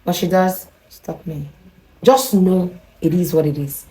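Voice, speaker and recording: A woman's voice: lowish voice, unhurried, warm tone, echoey room, rough recording. A young woman with a Nigerian accent telling a story in a chatty, confiding vlog style, often repeating herself. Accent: Nigerian English. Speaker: vlogger. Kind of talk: casual storytelling to camera.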